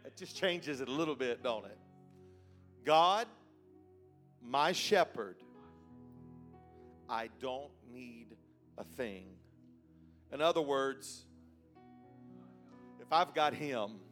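A man preaching a sermon in a church, moving from a quiet, hesitant start to loud, shouted emphasis. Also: mid-range voice.

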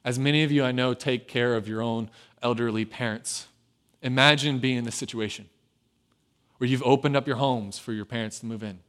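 A man preaching a sermon as pastor, dropping to a hushed, tender voice and then rising loud and urgent. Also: medium pitch, fairly even intonation, fairly quick.

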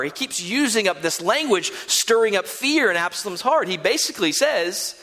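A man preaching a sermon in a church, telling a story in an animated way with frequent stammered restarts. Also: high-pitched, normal speed, in a large hall. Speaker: pastor.

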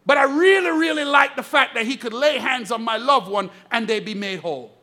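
A man's voice: extremely high pitch, a little fast, pushed and bright. A male pastor preaching a fervent sermon from the pulpit, calling out to his congregation. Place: church pulpit.

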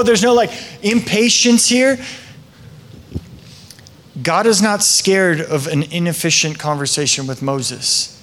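A man preaching a sermon in a conversational, joking way with lively asides. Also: sits high. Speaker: pastor.

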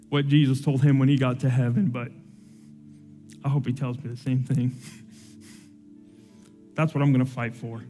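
A young man preaching to his congregation, his voice mellow and set a touch high for a man. He tells a story with lively swings in energy, then drops low and soft to pray. A faint musical instrument plays underneath. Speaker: pastor. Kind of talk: sermon with personal story and prayer.

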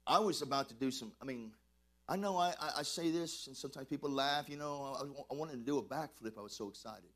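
Preaching briskly at medium pitch, this male pastor is excitable and emphatic, tripping over restarts as his fervor builds.

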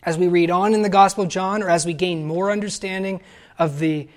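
A man giving a sermon, lively and conversational, acting out quoted voices and asking the listeners questions. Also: high voice, brisk. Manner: animated, acts out quoted voices. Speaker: pastor.

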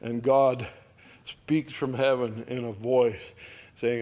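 A man's voice: mid-range voice, fairly even intonation, takes it slowly, a little mellow. A man preaching a Bible teaching sermon, retelling scenes vividly and earnestly, often asking his listeners rhetorical questions.

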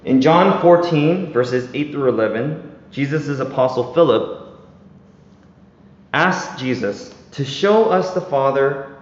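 A man's voice: mid-range voice, slow. A man in his thirties or forties preaching a casual, conversational sermon, often checking in with "right?". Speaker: pastor. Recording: echoey hall, dull, faint noise.

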